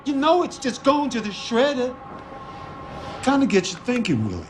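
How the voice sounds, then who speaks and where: A sly schemer coaxes his friend in a high, swooping voice. He wheedles with a leading tone. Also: huge pitch swings, normal speed, a little hiss or hum, heavily acted. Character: scheming man tempting a friend.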